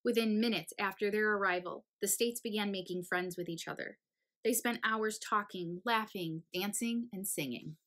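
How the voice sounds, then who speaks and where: A woman reading a children's picture book aloud, animated and playful, with hushed asides. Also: mid-range voice, normal speed, poor audio. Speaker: storybook reader.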